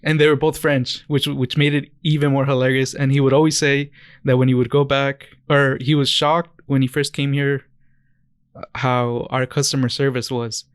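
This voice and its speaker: A man's voice: medium pitch, flat delivery, moderate pace, clean tone, no room sound, clean studio sound. A young man co-hosting a podcast, chatting casually and rambling through stories with lots of restarts and self-corrections. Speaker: podcast co-host. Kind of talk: casual chat.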